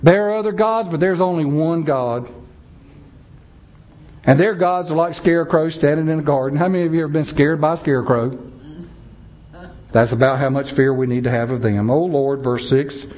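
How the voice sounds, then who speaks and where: A man's voice: mid-range voice, steady tone, fairly quick, a little mellow. A man preaching a sermon, telling a story with dramatic swings of pace and emphasis. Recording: dull lo-fi sound.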